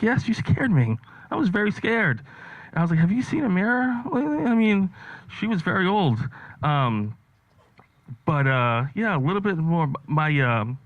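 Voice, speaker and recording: A man's voice: on the high side, a bit bright, dry recording, lo-fi sound. A man performing a stand-up set, telling stories in a rambling, offhand way with lots of fillers. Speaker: stand-up comedian.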